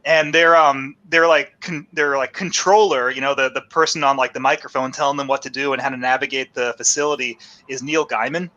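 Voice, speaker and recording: A man's voice: mid-range voice, steady tone, brisk, few pauses, bright, forceful tone, highs cut off. A man hosting a podcast in casual chat, rambling, laughing often and swearing freely. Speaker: podcast host.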